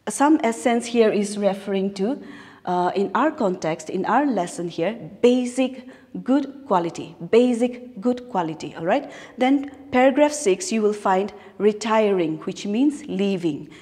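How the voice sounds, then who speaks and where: Indian English teacher in echoey hall. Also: female voice, medium pitch, expressive, dark tone. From Nagaland, India. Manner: explains slowly, repeats phrases, asks rhetorical questions. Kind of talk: recorded classroom lesson. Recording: long hall-like reverb.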